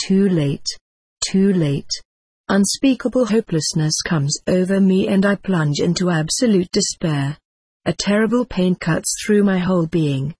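A woman narrating a first-person memoir in a measured, somber storytelling manner. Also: fairly low pitch, a little mellow, breathy edge, dry recording. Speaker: audiobook narrator.

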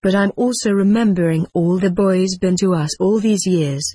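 A grasping, resentful working-class father who grumbles and suspects everyone, as the reader puts him on. The husky voice is recorded close and dry, in plain storybook reading. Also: mid-range voice, moderate pace, mellow, no echo, close to an everyday voice. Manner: grumbling, suspicious.

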